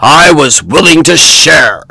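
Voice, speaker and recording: A man voicing a big, heavy, stubborn male buffalo with a gravelly voice. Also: on the high side, big pitch swings, takes it slowly, bright, forceful tone, dry recording, exaggerated voice. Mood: defiant.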